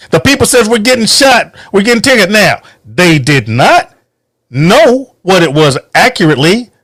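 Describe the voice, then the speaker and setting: A man's voice: high-pitched, a bit bright, dry recording, studio quality. A man hosting a podcast, giving a heated, profane, emphatic political rant from home. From United States. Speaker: podcast host. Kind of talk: angry political monologue.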